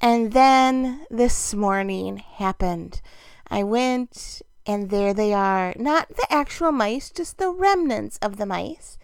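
Chatty high-voiced woman. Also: clean tone, no room sound. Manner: chatty and self-deprecating, frequent laughs. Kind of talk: casual storytelling monologue.

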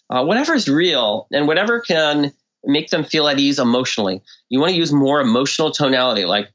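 A man as a podcast guest, explaining ideas in casual talk and often acting out quoted speech with lively swings in tone. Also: a little high, brisk, muffled recording. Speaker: guest expert. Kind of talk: conversational explanation.

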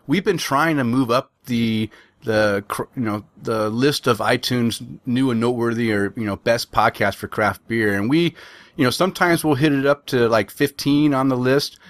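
A man hosting a casual podcast chat, talking in a loose, rambling way and circling back on his words. His voice sits at an ordinary middle pitch, recorded dry and close with no room sound. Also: normal speed, no echo. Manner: chatty, rambling with restarts. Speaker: podcast host.

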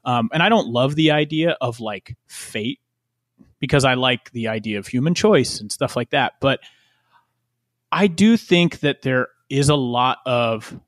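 A man talks in a relaxed, meandering way, stacking fillers and restarting his sentences. His voice sits at an ordinary pitch. It is recorded close and dry, with no room sound. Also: unhurried, no echo. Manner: rambling, many fillers and restarts. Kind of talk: casual conversation.

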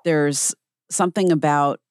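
A woman's voice: sits low, fairly even intonation, unhurried, smooth, no echo, clean studio sound. A woman hosting an interview, empathetic and earnest with her guest. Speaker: podcast host.

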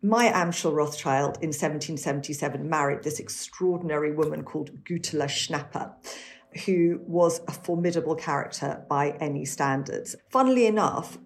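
Woman, low voice, interview guest, fluent, detailed historical storytelling. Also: normal speed, a little hiss or hum. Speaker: author and guest. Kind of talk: interview answers.

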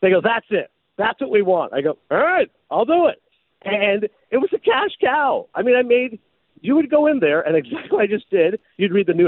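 A man's voice: high voice, fairly quick, dry recording, narrow, tinny audio. A man, a former sportscaster, telling stories in a casual chat and slipping into an announcer voice now and then. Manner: animated storyteller, slips into announcer voice. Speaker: podcast host and former sportscaster.

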